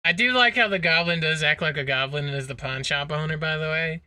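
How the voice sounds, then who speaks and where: Bright, sharp-toned man chatting. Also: on the high side, a little fast, smooth, no echo. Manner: profane, laughing, animated storytelling. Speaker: podcast co-host. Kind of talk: casual chat.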